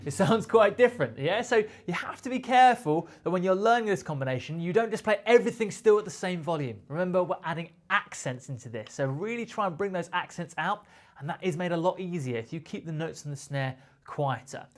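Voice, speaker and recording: A man's voice: sits high, expressive, fairly quick. A man with a British accent teaching a drum lesson, explaining patiently and counting beats aloud. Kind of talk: instructional explanation.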